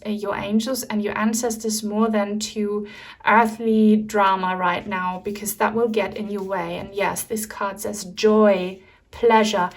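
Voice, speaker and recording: A young woman from Germany giving an enthusiastic, chatty tarot card reading to her viewers. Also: medium pitch. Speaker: tarot reader.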